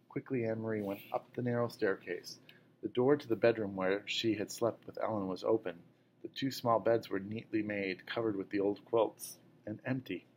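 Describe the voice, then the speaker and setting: A man reading a novel aloud in a steady way, now and then correcting a slip. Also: fairly low pitch, a little hiss or hum, poor audio. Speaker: reader.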